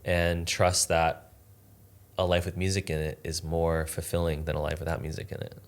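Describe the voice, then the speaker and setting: Appearing as a podcast guest, this man speaks at a moderate pace in a low, flat voice. His personal story comes across earnest and reflective, casually told and full of "like".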